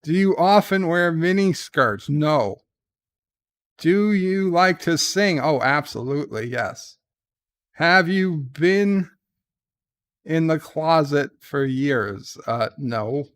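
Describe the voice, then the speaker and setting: A man hosting his show in casual chat, reading quiz questions aloud and answering with dry, deadpan humor. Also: takes it slowly, no room sound. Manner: reads questions brightly, answers low and mumbled. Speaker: show host. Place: at home.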